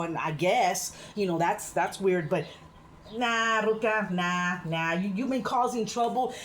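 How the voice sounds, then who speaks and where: A woman's voice: fairly high pitch, a little hiss or hum. Foul-mouthed woman ranting in heated commentary. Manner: profane, fast-rising ranting; drinking beer while talking. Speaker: commentary vlogger.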